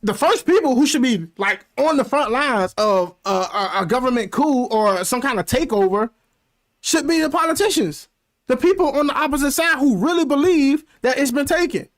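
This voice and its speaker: A man's voice: extremely high pitch, moderate pace. A man hosting a reaction video, commenting casually and animatedly with frequent swearing. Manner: animated, profane, laughing asides.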